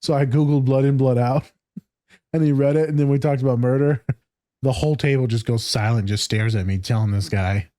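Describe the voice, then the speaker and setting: A man's voice: mid-range voice, fairly even intonation, brisk, dark tone, no room sound, studio quality. A man hosting a podcast, telling a self-mocking story in casual chat, laughing often and swearing freely. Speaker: podcast host.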